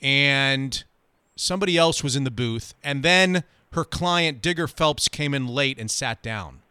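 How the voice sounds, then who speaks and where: A man hosting sports radio, telling a story in a lively, quick way. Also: medium pitch, clear, resonant tone, no echo. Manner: animated, quick anecdote telling. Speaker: radio host.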